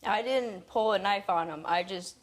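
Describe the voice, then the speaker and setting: Woman, wife testifying on tv court, short flat denials, middle pitch. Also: normal speed.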